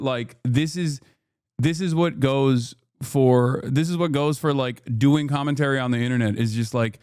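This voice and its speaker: A man's voice: mid-range voice, steady tone, moderate pace, darkish tone, clear, resonant tone, no room sound, studio quality. A man livestreaming in casual commentary, ranting in a heated, profane and rambling way while he answers his chat. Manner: reads chat messages aloud and answers. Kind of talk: casual reactive stream commentary.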